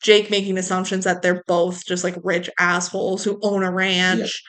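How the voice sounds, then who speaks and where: A woman's voice: on the low side, flat delivery, moderate pace, a bit bright. A woman co-hosting a podcast, chatting casually through a movie recap, laughing and quoting characters. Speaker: podcast co-host.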